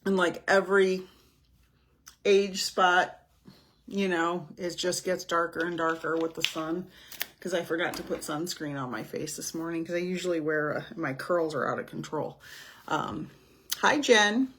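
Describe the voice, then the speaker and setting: A woman, a psychic medium, chatting casually on a livestream, rambling with many pauses and fillers, with a slight headache from the heat. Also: fairly low pitch, fairly bright tone. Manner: slow, rambling, with many "um"s and greetings to viewers. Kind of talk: casual livestream chat with viewers. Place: indoors in Florida. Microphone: camera.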